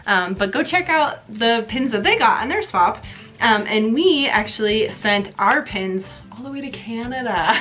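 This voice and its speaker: A woman vlogging as she opens gifts, gushing and excited, near tears, with a chatty manner full of fillers. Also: on the high side. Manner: gushing, excited, breathy gasps, many fillers. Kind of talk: casual vlog chat.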